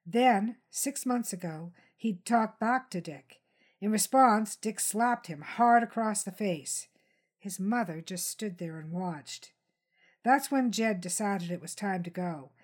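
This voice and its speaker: A woman reading a tense crime novel aloud in steady, dramatic scripted narration. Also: medium pitch, slow pace. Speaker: audiobook narrator.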